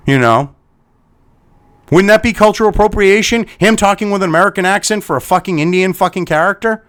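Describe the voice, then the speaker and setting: This commentary host speaks fairly quickly in a high, somewhat bright voice, launching into a furious, profanity-laden rant. Exasperated, he sighs and curses nonstop.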